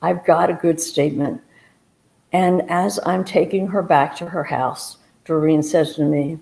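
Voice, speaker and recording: A woman telling a true first-person story on a live stage, with a brisk, animated and self-mocking way of talking. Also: on the low side, creaky. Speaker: storyteller, investigator.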